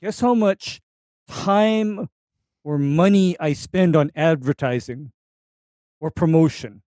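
Slow, deliberate man, dry close sound. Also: on the high side, warm tone, dry recording. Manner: deliberate, emphatic, halting phrasing. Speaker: solo business operator. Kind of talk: casual chat.

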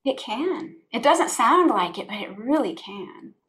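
On this conversational podcast interview, a woman guest speaks in a slightly high, sing-song, somewhat bright voice at a measured pace. She's a spiritual life coach from the United States who talks earnestly and from the heart, often repeating phrases.

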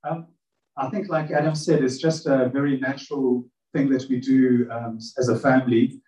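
A man from the congregation speaks from the front in a relaxed, slightly hesitant way. His voice is mellow and mid-pitched, carried by the echo of a large room with the mic some way off. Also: normal speed. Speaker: church member sharing a story. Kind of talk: casual testimony. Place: church. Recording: echoey church hall, distant mic.

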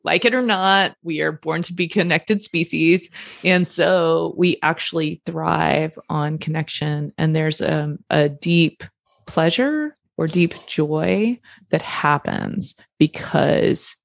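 Woman co-host, low gravelly voice, dry close sound, explanatory and affirming. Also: slow pace, no echo. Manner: explanatory, affirming with frequent mm-hmms. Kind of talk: casual conversational talk.

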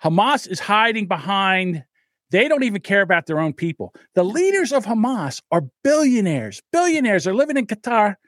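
A man's voice: sits high, sing-song, normal speed, a bit bright, no room sound, clean studio sound. A man co-hosting a podcast, ranting heatedly and swearing often in casual chat. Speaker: podcast co-host.

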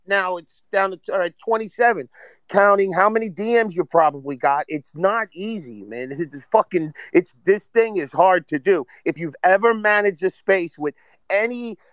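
A man's voice: high-pitched, animated, moderate pace, fairly bright tone, no room sound. A man speaking in an online audio chat, blunt and profane, backing up the hosts. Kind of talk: casual chat.

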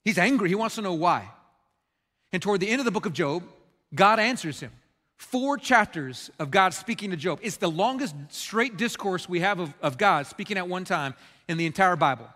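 A male pastor preaching a sermon, impassioned and swinging between loud outbursts and hushed, quiet passages. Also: high voice, lively intonation, moderate pace, long reverb tail.

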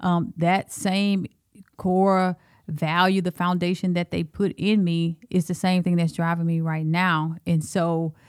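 A woman's voice: lowish voice, flat delivery, clear, resonant tone, no room sound, studio quality. A woman with a Southern Alabama accent, a school superintendent speaking earnestly as a podcast guest. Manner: earnest, measured storytelling. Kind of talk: podcast interview.

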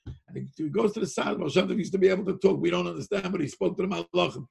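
A man telling a Hasidic tale in an animated, excited way, laughing often and shouting at the high points. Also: fast, creaky, slightly rough. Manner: sings a Yiddish-style tune. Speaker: storyteller.

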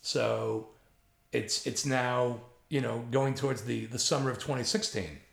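A man's voice: medium pitch, measured pace. A man in his sixties with a New York accent, a writer telling long anecdotes in an interview. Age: 60s. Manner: animated anecdotal storyteller, gravelly. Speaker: guest, writer. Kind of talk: storytelling interview. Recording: roomy echo.

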